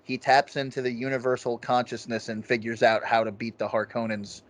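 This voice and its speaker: A man in casual conversation as a podcast co-host, his talk loose and peppered with swearing. His voice sits at an ordinary pitch and is recorded close and dry, with no room sound. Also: steady tone, a little fast, no room sound. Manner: swears freely, loose rambling delivery. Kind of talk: casual film review chat.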